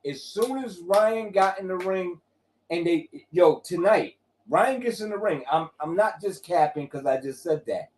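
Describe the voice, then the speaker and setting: Animated high-voiced man talking boxing. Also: measured pace. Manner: animated, profane, storytelling with acted quotes. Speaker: host. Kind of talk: casual boxing talk.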